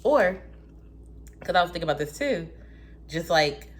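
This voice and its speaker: A woman vlogging her spiritual thoughts in casual talk. She is blunt and profane, and she swings between loud outbursts and soft whispered asides. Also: fairly low pitch, expressive, normal speed.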